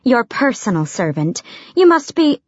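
A woman's voice: a little high, very animated, unhurried, darkish tone, no echo, muffled recording, voice pushed up. A woman voicing a bold, motherly older woman servant who scolds and fusses. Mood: fussy, scolding. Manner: scolding, fussy.

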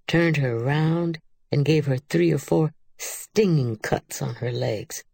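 Low-key and unhurried, a woman reads a novel aloud at a slow, deliberate pace. Her voice carries a gravelly texture, and the recording is close and dry with no room sound. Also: darkish tone, no room sound. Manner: measured, unhurried reading. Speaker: audiobook narrator. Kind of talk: literary audiobook narration.

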